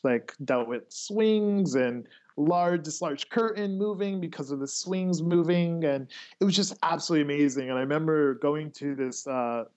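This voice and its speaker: A man telling stories in casual conversation as a guest, rambling with many fillers and restarts. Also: medium pitch. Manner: rambling, filler-heavy, animated storytelling. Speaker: guest, artist.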